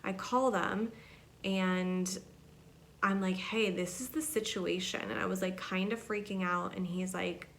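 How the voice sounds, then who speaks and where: A woman's voice: medium pitch, steady tone, measured pace, slight background noise. A woman hosting her podcast, telling rambling stories in a chatty, casual way, full of "like" and "you know". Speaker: podcast host. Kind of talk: casual storytelling monologue.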